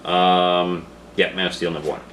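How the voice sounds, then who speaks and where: A man's voice: low voice, level tone, normal speed, a bit bright, roomy sound, a little hiss or hum. A man casually talking through a comic book review, rambling with frequent filler sounds and restarts.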